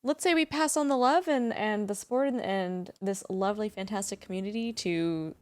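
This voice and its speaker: In a mid-range voice at normal speed, a young adult woman chats casually on a livestream and reads to viewers, recorded with no room sound. Her tone is gushing and emotional, with lots of laughter and tears close by.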